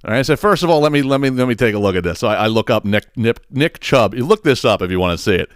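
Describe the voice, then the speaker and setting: A man hosting a podcast, telling a long casual story in a rambling, animated way, laughing often and swearing freely. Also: medium pitch, fast talker, smooth, dry recording, studio quality. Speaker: podcast host.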